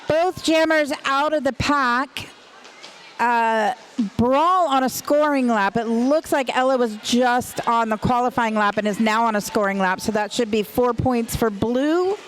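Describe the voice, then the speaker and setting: A woman's voice: a little high, a little slow, a little hiss or hum. A woman announcing a roller derby game live, chatty and playful, laughing often between calls. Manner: chatty, giggly, playful banter. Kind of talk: live play-by-play commentary.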